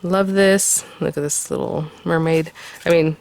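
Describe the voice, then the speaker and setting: A woman's voice: low voice, fairly even intonation, a little slow, vocal fry, noisy background. Gushing, chatty craft-channel woman. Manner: chatty and gushing, many fillers. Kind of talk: casual unboxing review.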